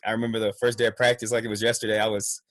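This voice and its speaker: A man casually recalling how he got started in wrestling, relaxed and self-deprecating. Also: on the low side, very fast, dry recording. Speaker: interview guest. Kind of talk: casual recollection.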